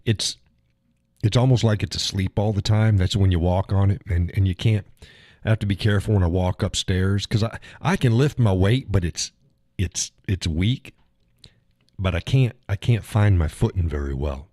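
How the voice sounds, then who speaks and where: Low, dark-voiced man chatting casually. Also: normal speed, no echo, studio quality. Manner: rambling, profane storytelling with chuckles. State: recovering from a leg injury. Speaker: live stream host. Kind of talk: casual chat reading viewer comments.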